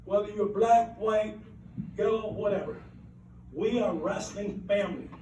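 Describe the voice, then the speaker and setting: A man's voice: high voice, measured pace, warm tone, slight background noise. An older man from Alabama, giving a heartfelt, rambling acceptance speech full of anecdotes and repeated phrases. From Alabama, USA. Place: banquet hall at an awards event. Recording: roomy hall, mic at a distance.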